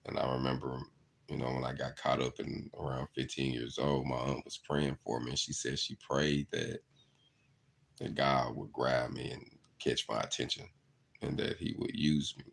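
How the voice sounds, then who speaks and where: A man's voice: very deep voice, level tone, moderate pace, gravelly, fairly bright tone. A middle-aged man, earnestly telling stories in a reflective monologue. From southeast Arkansas. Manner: earnest, storytelling, repeats "you know". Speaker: channel host.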